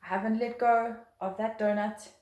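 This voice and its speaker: Woman, violin teacher, upbeat and encouraging, slightly high pitch, echoey room. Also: fairly even intonation, moderate pace, a little mellow. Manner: patient, encouraging, counts and chants rhythms aloud. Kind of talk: beginner music lesson. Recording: roomy echo.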